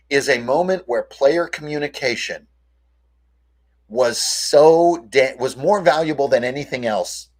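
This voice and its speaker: Chatty man recapping his tabletop game. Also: medium pitch. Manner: casual, chatty, playfully addresses viewers. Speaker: game master.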